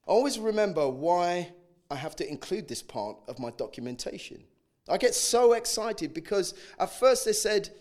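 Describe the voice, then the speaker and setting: An elderly Jamaican man recounts his own memories. His fairly high voice swoops up and down with lots of life as he acts out old chants and quotes. Between them he slips into thoughtful, reflective asides. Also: very animated, normal speed, darkish tone. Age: 80s. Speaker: oral history narrator. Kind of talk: personal storytelling testimony.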